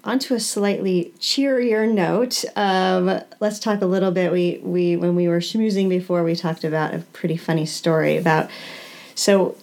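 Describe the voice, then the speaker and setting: A woman's voice: lowish voice, steady tone, moderate pace, a little mellow. A woman hosting a casual interview, asking questions in a friendly, encouraging way. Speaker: interview host.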